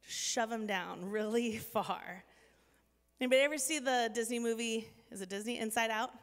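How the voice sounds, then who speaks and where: A woman's voice: a little high, moderate pace, big-room sound. A woman in her thirties giving an earnest inspirational talk to a live audience, chatty and self-deprecating, with lots of "like". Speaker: speaker addressing an audience.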